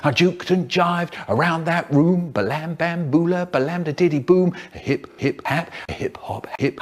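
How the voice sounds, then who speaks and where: Animated, playful male storyteller. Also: medium pitch. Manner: animated, playful vocal effects and sudden squeals. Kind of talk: comic storytelling, chopped into a remix.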